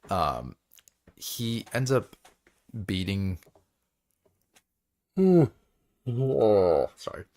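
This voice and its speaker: Tired host, low voice, rambling casual recap, yawns, slips into quick character voices. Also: male voice, vocal fry. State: tired, yawning. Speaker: book club host. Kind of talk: casual book chapter recap.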